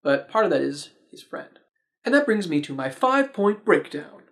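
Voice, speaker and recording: A man with a fairly high voice hosts his own movie review show. He talks casually and chattily, dropping wry, sarcastic asides as he goes. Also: big pitch swings, normal speed, a bit bright. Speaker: movie reviewer, host of the channel.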